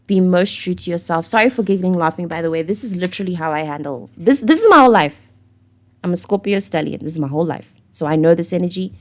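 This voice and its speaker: A tarot reader with a South African accent gives a casual, rambling reading, speaking candidly and swearing now and then. Her voice is lowish and fast.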